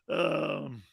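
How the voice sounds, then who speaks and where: A middle-aged man hosting a sports talk show in casual chat, laughing often and breaking into loud outbursts. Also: fairly high pitch, vocal fry, husky, no room sound, studio quality.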